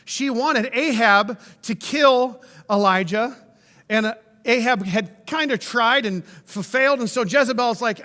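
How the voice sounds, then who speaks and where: A man's voice: very high voice, measured pace, bright, forceful tone, in a large hall. A male pastor giving a sermon in a church, telling the story in an enthusiastic, conversational way with casual asides. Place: church sanctuary.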